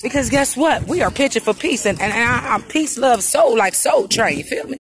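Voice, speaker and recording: Streaming live on her phone at a park community event, a woman offers cheerful, casual commentary as she walks around, laughing often. Her voice is a little high, animated and fairly quick, and the poor audio carries outdoor noise.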